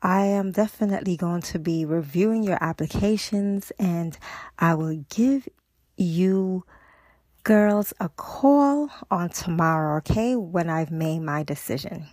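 A woman's voice: fairly low pitch, animated, a little slow, dark tone, dry recording. A woman voicing a businesslike female store manager telling applicants she will call them.

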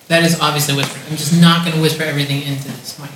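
High-voiced joking man, echoey and noisy. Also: racing, few pauses. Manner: joking, animated. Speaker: player. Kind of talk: casual tabletop play. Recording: echoey room with noticeable noise.

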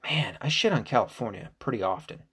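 A man in his forties from the United States, hosting a casual solo podcast, rambling and swearing, sometimes bursting into loud mocking voices. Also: medium pitch, lively intonation, fairly quick, slightly rough. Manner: rambling, profane, jumps to loud mocking quotes. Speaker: podcast host.

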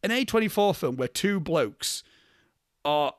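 Unhurried and somewhat high-voiced, a man co-hosting a podcast banters animatedly about movies, tossing out jokes and film-quote impressions. The recording is clean studio sound without echo.

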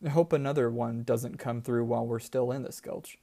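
A man's voice: medium pitch, fairly even intonation, moderate pace, creaky, dark tone. A man reading a story, voicing a practical, matter-of-fact woman guide in a slightly raised voice. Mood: animated. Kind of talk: audiobook character voice.

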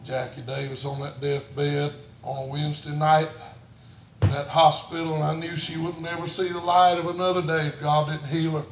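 A middle-aged man preaching a sermon as pastor, swinging from hushed storytelling to shouted preaching. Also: a little high, little pitch movement, moderate pace, echoey room, noisy background. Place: church sanctuary.

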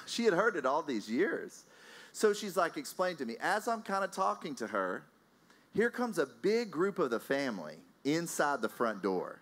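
A man preaching a sermon, telling a personal story in an animated, anecdotal way with frequent fillers and restarts. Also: on the high side, normal speed.

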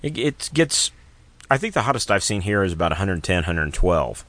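A man's voice: sits low, sing-song, normal speed, a bit bright, no room sound. A man hosting a radio talk show, chatting casually and telling rambling jokes. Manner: rambling, joking storyteller. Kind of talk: casual on-air chat.

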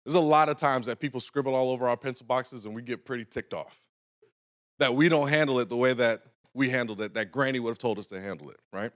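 A young North Carolina pastor speaks fast at medium pitch, telling stories in a casual, conversational sermon while regularly checking in with his congregation.

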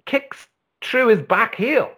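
A man co-hosting a casual football chat, ranting with swearing and an animated, exasperated manner. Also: very high-pitched, takes it slowly. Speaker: podcast co-host.

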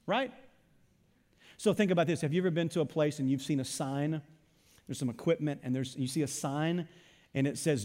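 A man preaching a sermon in an animated way, voicing imagined listeners and asking the congregation questions. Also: sits high, normal speed. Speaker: pastor. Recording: long hall reverb.

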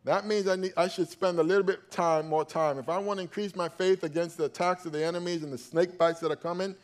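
A male pastor preaching a sermon, calling out to his congregation and swinging from loud emphatic peaks to low quiet stretches. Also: fairly even intonation, fast talker, few pauses. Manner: calls out to the congregation for response.

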